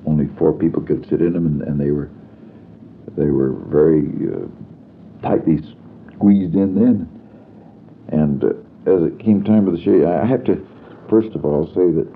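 An older man recalling stories from his working life, with a halting delivery full of fillers and restarts. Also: rumbling low. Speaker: storyteller. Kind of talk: anecdotal reminiscence. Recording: tinny phone-like archival recording with faint hiss.

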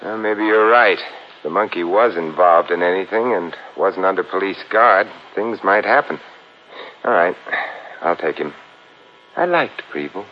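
An actor playing a suave, dry-witted detective in a 1940s radio drama, trading wisecracks on a dull old recording with faint hiss. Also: male voice, low voice, measured pace. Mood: wry calm. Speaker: lead detective.

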